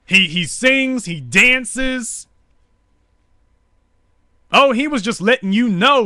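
A man's voice: very high-pitched, animated, takes it slowly, pauses often, sharp tone, no room sound, clean studio sound. A man hosting a live talk show, delivering angry, preaching commentary full of repetition. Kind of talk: fiery political commentary.

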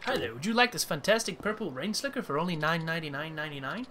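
A man's voice: fairly high pitch, expressive, quick pace, a crowd in the background, close to an everyday voice. Man putting on a begging street salesman. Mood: pleading. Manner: wheedling, desperate pleading.

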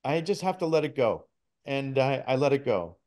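A man's voice: medium pitch, sing-song, normal speed, a little mellow. A middle-aged man from Canada, a podcast guest telling a personal story in a casual, earnest way with frequent restarts. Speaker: podcast guest, spirit talker.

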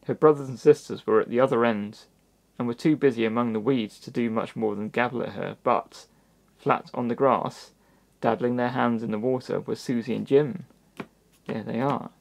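A man reading a children's storybook aloud in a gentle manner, with little asides to the listener. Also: mid-range voice, fairly even intonation, moderate pace, creaky, hardly any pauses. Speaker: storybook reader.

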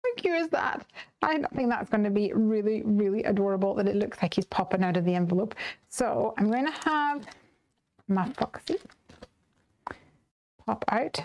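A woman with a soft Northern Irish accent chatting casually while she makes cards on a live stream and answers viewer comments. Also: medium pitch, animated, normal speed, pauses often. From Northern Ireland. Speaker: live stream craft host. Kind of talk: casual chat while demonstrating card making.

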